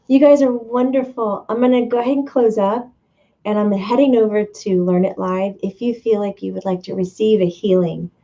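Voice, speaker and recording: A woman's voice: medium pitch, dark tone, dull audio. A woman hosting a live stream, chatting casually, reading viewer comments aloud and laughing often.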